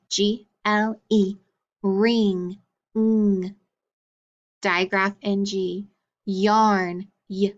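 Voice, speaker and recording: Phonics teacher, female, very slow and deliberate delivery, slightly muffled lo-fi sound. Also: medium pitch, a bit bright. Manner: clear, drawn-out sounding-out of letters and sounds.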